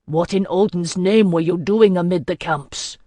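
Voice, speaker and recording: A woman's voice: moderate pace, mellow, no echo. A woman as a desperate young heroine. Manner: pleading, high-strung, near tears.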